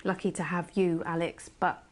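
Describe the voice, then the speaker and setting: An actress playing a TV news anchor in a game, speaking with a posh English accent in a smooth, mannered on-air delivery. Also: female voice, on the low side, little pitch movement, normal speed, a little hiss or hum, close to an everyday voice. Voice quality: smooth, mannered sign-off delivery that turns pleading and obsessive. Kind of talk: scripted game acting.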